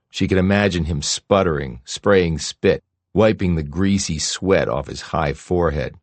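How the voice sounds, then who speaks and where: Male audiobook narrator, very low husky voice, steady and low-key, dry close studio sound. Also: a little slow, no echo. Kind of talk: scripted narration.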